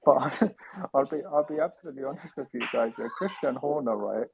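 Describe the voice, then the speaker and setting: A man's voice: mid-range voice, fast, vocal fry, background noise. A man chatting casually and laughing as he talks, over a tinny phone-like line. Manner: chatty, laughing, many fillers and restarts. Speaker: panelist. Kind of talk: casual chat.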